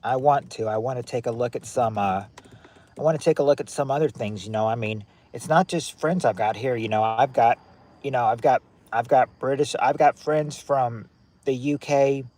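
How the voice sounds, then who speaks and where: A man's voice: medium pitch, moderate pace, a little mellow. A man hosting a livestream, chatting casually and rambling with viewers at home at night. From United States. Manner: rambling, chatty, restarts often. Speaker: livestream host. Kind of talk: casual chat with live viewers. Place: at home indoors with lights on at night.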